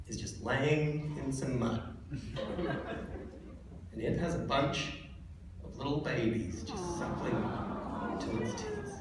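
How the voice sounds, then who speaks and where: High-voiced storyteller on stage. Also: male voice. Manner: vivid, rapid retelling with repeated restarts. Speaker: storyteller comedian. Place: live stage. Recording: echoey hall from far off, audience noise.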